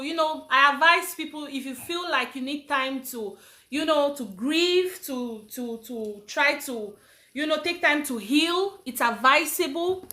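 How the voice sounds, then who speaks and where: A woman from Cameroon hosting her own live stream, chatting casually and greeting viewers by name as they join. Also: high-pitched. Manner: chatty and warm, switching between English and Swedish, greeting commenters by name. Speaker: channel host on a live stream.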